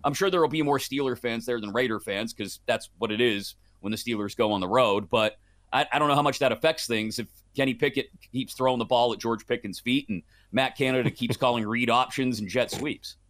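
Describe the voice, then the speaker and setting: Male guest handicapper, middle pitch, measured, thinks aloud. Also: a bit bright. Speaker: sports betting guest analyst. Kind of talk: podcast sports betting talk.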